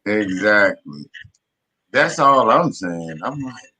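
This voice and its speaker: Laid-back Southern man, bright voice. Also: mid-range voice, lively intonation, a little slow, poor audio. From Southern United States. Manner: laid-back slang, repeats "you get me". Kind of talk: casual group voice chat.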